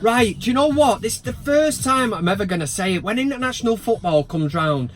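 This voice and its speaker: A man's voice: sits high, animated, brisk, soft background music. A man chatting casually to camera about his football club from inside a van, full of jokey, sweary banter and mock outrage. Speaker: football fan vlogger.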